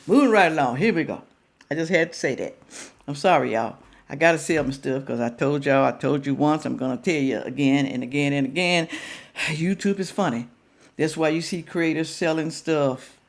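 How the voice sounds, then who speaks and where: A woman's voice: deep voice, darkish tone. A woman hosting a reaction video, chatting straight to her viewers in a casual, teasing way.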